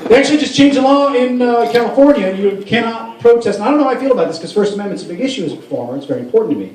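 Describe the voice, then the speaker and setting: A man's voice: very high voice, lively intonation, very fast, a little mellow. A man doing a stand-up comedy set in a club, rambling and profane with many restarts. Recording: roomy room sound from a far mic.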